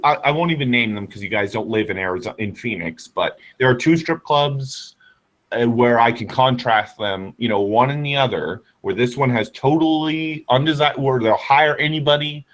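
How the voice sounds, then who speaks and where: Guy hosting a chill chat, talks candid and rambly, mid-pitched. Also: fairly bright tone, low-quality recording. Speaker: host. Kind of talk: casual chat.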